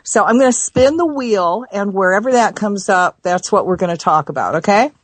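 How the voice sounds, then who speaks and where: A chatty American woman hosts a talk radio show in a casual, animated way. Her voice sits at a middle pitch, and she is recorded dry and close. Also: no echo. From United States. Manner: chatty, animated, quick asides.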